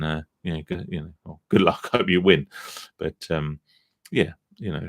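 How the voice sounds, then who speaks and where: A man's voice: rumbling low, no room sound, studio quality. A man hosting a casual live stream about gambling recovery, chatty and self-deprecating, tired after a long day, swearing casually as he reads viewer comments.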